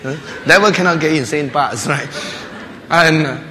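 Male pastor, animated and laughing storyteller, bright voice in a reverberant church hall. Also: a little high, normal speed, slight background noise. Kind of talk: sermon. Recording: long hall reverb with faint ambience.

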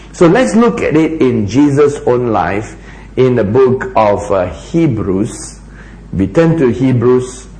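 A man preaching a sermon, asking rhetorical questions and dropping to a hushed voice for emphasis. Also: mid-range voice, echoey room, slight background noise, low-quality recording.

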